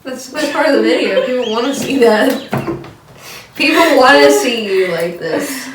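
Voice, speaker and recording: A woman with a higher voice teases and jokes bluntly in a loose chat. She sounds distant in an echoey room, with steady background noise under her voice. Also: a little slow. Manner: teasing, blunt, crude jokes. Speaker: co-host. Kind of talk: casual chat.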